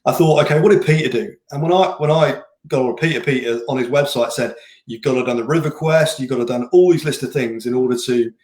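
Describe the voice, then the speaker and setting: A man's voice: mid-range voice, quick pace, darkish tone. A man, a race director talking bluntly in a casual interview, laughing easily and restarting his sentences. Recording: roomy echo.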